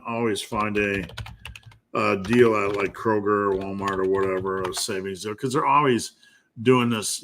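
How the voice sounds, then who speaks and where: A man's voice: fairly low pitch, a bit bright. A man who coaches lifting, answering viewer questions on a live stream in a loose, joking way and thinking aloud as he goes. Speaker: strength coach and host.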